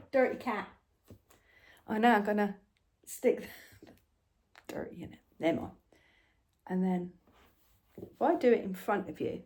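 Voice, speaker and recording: A chatty woman talks casually at home as she stitches. She breaks off now and then to talk to her pets. Her voice is mellow and warm, with an even middle pitch. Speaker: embroidery vlogger. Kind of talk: casual chat while stitching.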